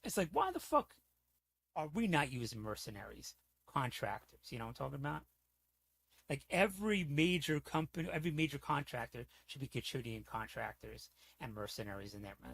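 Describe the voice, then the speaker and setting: A man's voice: mid-range voice, vocal fry, fairly bright tone, breathy edge. A man streaming, ranting in a heated, profane, rambling way, often asking "you know what I'm saying". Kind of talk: casual livestream rant.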